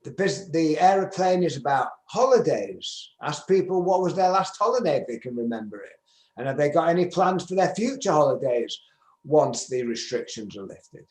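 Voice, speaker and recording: Speaking at a normal pace with an animated, slightly high, darkish voice, a Mancunian man in his seventies presents on business skills at a conference. He is emphatic, has a northern English accent, and acts out example conversations amid roomy echo.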